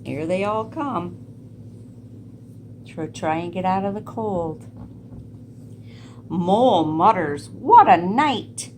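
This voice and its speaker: Woman reading a kids book super slowly, lowish voice, little hiss behind. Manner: gentle, asks listeners questions. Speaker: storyteller. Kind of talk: reading a picture book aloud to children.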